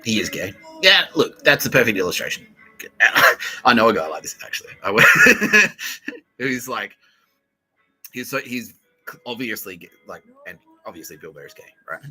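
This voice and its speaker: A man hosting a podcast, telling a comic story in a loose, sweary, animated way and laughing between phrases. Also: mid-range voice, normal speed, husky, faint music behind, poor audio. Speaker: podcast host. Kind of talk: casual comedic storytelling.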